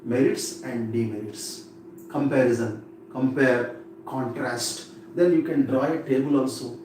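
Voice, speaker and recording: Echoey far-off Indian English teacher. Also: male voice, mid-range voice, fairly even intonation, unhurried, a little mellow. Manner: repetitive, instructive, checks in with "okay?". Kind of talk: live exam-prep lesson. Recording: echoey room from far off with faint noise.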